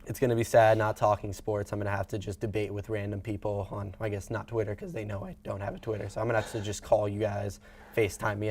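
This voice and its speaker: A man's voice: lowish voice, a little mellow, a little hiss or hum. A young man giving an earnest, chatty farewell speech as a co-host in a studio, slightly choked up. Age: young adult.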